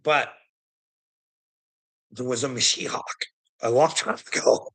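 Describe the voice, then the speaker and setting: A man's voice: medium pitch, slow, vocal fry, a bit bright, low-quality recording. A man talking in a rambling, sardonic monologue, laughing often and swearing as he goes. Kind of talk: casual conspiracy commentary monologue.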